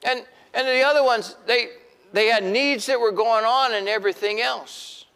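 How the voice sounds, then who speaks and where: A middle-aged man preaching a sermon in an animated way, acting out the voices he quotes. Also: very high-pitched, normal speed, gravelly, clean tone, long reverb tail. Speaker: pastor.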